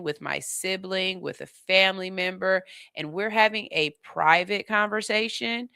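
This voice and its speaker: Woman radio host, bright tone, dry close mic, animated casual talk. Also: mid-range voice, no room sound. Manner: animated, playful, gushing, then firm and reasoned.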